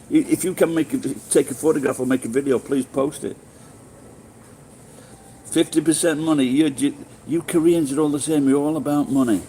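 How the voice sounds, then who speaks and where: A man's voice: fairly high pitch, warm tone, a little hiss or hum, low-quality recording. A middle-aged man with a Sheffield accent, live-streaming and chatting casually with viewers in a rambling, swearing way with many restarts. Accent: Sheffield English. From England.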